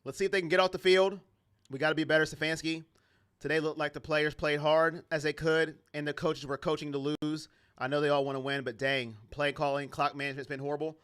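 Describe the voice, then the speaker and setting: A man's voice: on the high side, steady tone, fairly quick, a bit bright, smooth. A man giving casual play-by-play and reactions to a football game as a fan commentator, sarcastic and exasperated.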